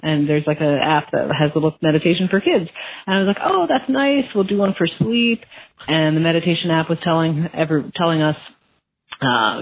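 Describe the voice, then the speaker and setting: A low-pitched woman in her thirties phones in a rambling, self-deprecating story about her own mistake. The line is thin and tinny, like a phone call. She laughs at herself as she talks. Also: expressive, normal speed, slightly rough. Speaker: caller.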